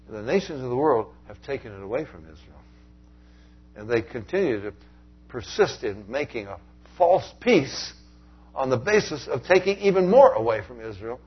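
A man preaching a Bible sermon, animated, swinging from loud emphatic lines down to quiet asides. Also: on the low side, husky, highs cut off.

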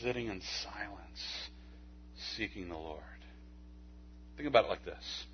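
A man preaching a sermon in a conversational way, with folksy asides, stammered restarts, and a hushed soft delivery when he makes a point. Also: fairly low pitch, unhurried, a little hiss or hum. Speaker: pastor. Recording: dull lo-fi recording.

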